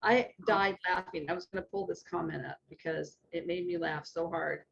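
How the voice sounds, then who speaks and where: A woman's voice: sits low, little pitch movement, a little fast, gravelly, highs cut off. A woman co-hosting a casual stitching chat, easy-going and reacting to patterns and viewer comments. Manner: warm reactions, easy-going, hesitant at times. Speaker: co-host.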